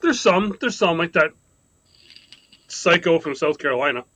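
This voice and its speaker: A man's voice: on the high side, animated, moderate pace, bright, forceful tone, poor audio. A man from Ontario, Canada chatting as a guest, rambling through a story with many restarts. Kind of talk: casual chat.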